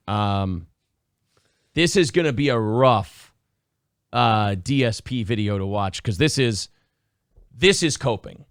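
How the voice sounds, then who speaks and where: A man's voice: mid-range voice, lively intonation, unhurried, pauses often, clear, resonant tone, no room sound, studio quality. A male host on a live-streamed talk show, chatting sarcastically and profanely and reading donations. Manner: profane, sarcastic, loud outbursts.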